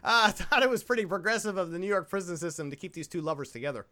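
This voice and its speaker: A man hosting a podcast, reviewing a movie in casual chat, animated and joking with some swearing. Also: high voice, very fast. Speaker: podcast host.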